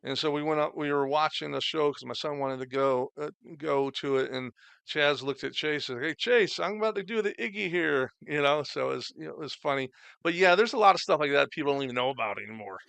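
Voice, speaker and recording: A man's voice: mid-range voice, fast talker, gravelly, fairly bright tone, clean tone, no echo. A middle-aged man, a guest chatting casually and rambling with many fillers about his wrestling days. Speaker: podcast guest, former wrestler. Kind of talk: casual storytelling chat.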